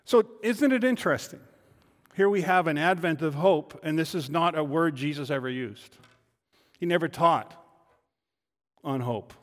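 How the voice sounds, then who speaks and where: A man, the lead pastor, preaching a sermon, building from quiet reflection to loud emphatic declarations with rhetorical questions. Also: a little high, a little slow, long pauses, big-room sound. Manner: rhetorical questions answered in turn. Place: church sanctuary.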